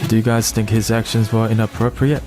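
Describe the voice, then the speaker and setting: A man's voice: on the low side, flat delivery, fairly quick, over music. A man narrating a short video clip in a plain storytelling manner and asking viewers for their opinion.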